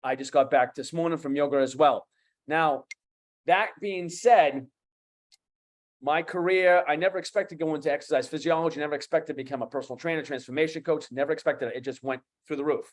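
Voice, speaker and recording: A man in his fifties with a Boston accent, speaking as a guest coach on an online talk show, animated and emphatic, repeating key phrases. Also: a little high, fairly quick. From USA. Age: 50s.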